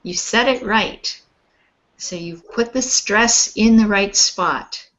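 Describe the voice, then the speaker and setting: A woman's voice: medium pitch, fairly bright tone, muffled recording. Patient woman teaching pronunciation. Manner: patient, models words slowly and clearly. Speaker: English teacher. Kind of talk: online pronunciation lesson.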